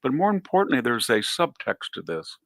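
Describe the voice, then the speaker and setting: A man giving political commentary in a measured, explanatory way, laying out numbered points. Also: medium pitch, very animated, a bit bright, no room sound, clean studio sound.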